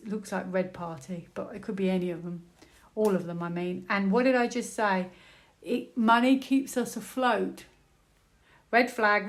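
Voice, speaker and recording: A British woman doing a tarot reading, thinking out loud, exclaiming and repeating words as she turns cards. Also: mid-range voice. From United Kingdom. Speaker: tarot reader.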